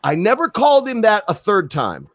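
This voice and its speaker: A man's voice: sits high, wildly swooping pitch, normal speed, a bit bright, no room sound. A man hosting an opinionated chat show, rambling, swearing and losing his train of thought. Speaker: podcast host.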